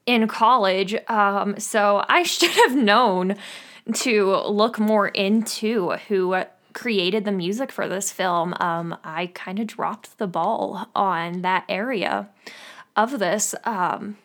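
A woman's voice: mid-range voice, slow pace, fairly bright tone. A young adult woman co-hosting a podcast in casual chat, hesitant and giggly with many fillers. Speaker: podcast co-host.

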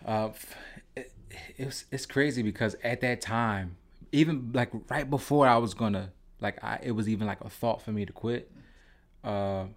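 Young Philly guest, lowish voice, hesitant, halting delivery. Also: male voice. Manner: hesitant, many fillers and restarts. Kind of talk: casual conversation.

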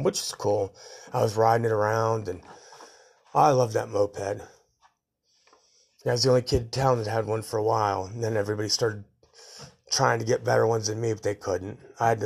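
A middle-aged man hosting a podcast, telling rambling stories from his youth in a casual way and laughing at his own tales. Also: on the low side. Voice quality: gravelly, husky. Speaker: podcast host. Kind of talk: casual storytelling.

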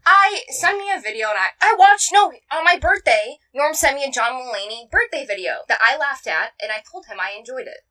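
A woman's voice: high voice, expressive, a little fast, few pauses, pushed and bright, far from the mic, low-quality recording. A young woman co-hosting a podcast in casual chat, giggly and teasing. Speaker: podcast co-host.

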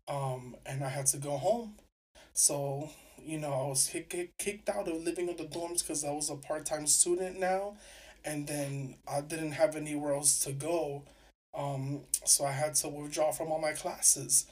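This young New York City man, hosting a podcast, casually and animatedly retells a story, voicing both sides of the exchange. His voice is a little high with a darkish, steady tone, his pace is moderate, and the microphone is distant.

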